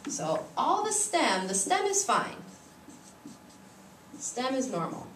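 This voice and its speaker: A woman's voice: a little high, huge pitch swings, slow, a bit bright, recorded from a distance, a little hiss or hum. Woman, teacher voice, patient step-by-step explaining, roomy echo, mic set back, faint ambience. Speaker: Spanish teacher. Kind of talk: classroom grammar lesson.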